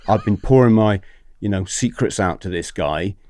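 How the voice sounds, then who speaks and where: A man's voice: lowish voice, moderate pace, a little mellow, no echo, studio quality. A man in his forties telling a story as a podcast guest, acting out what other people said, swearing and laughing often.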